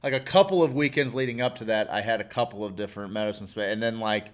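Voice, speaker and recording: A young adult man co-hosting a casual chat show, reflective and halting, with restarts and the odd casual swear. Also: lowish voice. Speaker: podcast co-host.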